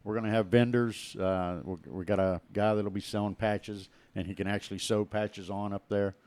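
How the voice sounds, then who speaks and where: A man's voice: fairly low pitch, flat delivery, normal speed, a little mellow. A man on a casual podcast, plainly announcing plans for an upcoming event. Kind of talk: casual chat.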